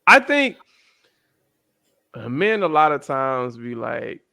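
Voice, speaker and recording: Podcast co-host, man, thirties, AAVE, bright forceful voice, dry close sound. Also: slow pace, vocal fry, smooth, dry recording. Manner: animated, slangy, jumps into high-pitched voices when quoting others. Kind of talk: casual chat.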